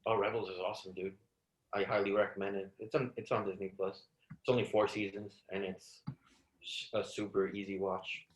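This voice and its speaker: Man, lowish voice, relaxed, easygoing, echoey room. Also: a little fast. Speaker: co-host. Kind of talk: casual chat.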